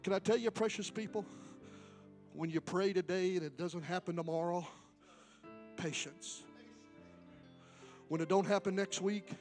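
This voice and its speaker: High-voiced fervent preacher. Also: male voice. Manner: fervent, repetitive exhortation, swings from quiet to loud. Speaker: guest preacher. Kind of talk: Pentecostal sermon and altar call. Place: church sanctuary.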